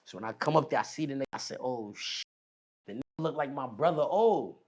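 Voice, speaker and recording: A man telling a long personal story in casual, slangy street talk, animated as he retells it. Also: mid-range voice, racing, husky. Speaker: podcast guest.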